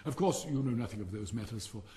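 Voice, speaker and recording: A conceited storybook firework rocket holds forth in a haughty, lecturing tone, as an older man reads it aloud. The voice rides up and down with lively, theatrical pitch, and the reading sits in a long, reverberant hall sound. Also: quick pace, lightly acted. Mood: pompous. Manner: haughty, self-important, lecturing. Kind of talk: audiobook character reading.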